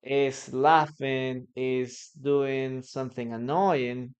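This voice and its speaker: A man with a Peruvian Spanish accent, teaching English live online and repeating phrases slowly for learners. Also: mid-range voice, fairly even intonation, lo-fi sound. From Peru. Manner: greets viewers by name and reads chat aloud.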